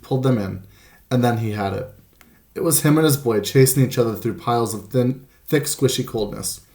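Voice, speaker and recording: A man reading a children's storybook aloud as the narrator, in a measured, gentle way. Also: medium pitch, gravelly. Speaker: audiobook narrator. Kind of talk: scripted narration.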